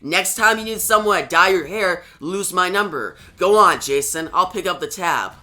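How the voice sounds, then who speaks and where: A man's voice: high-pitched, lively intonation, normal speed, sharp tone, heavily acted. A man voicing a sardonic young female mercenary, reading her mocking lines fairly plainly. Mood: teasing.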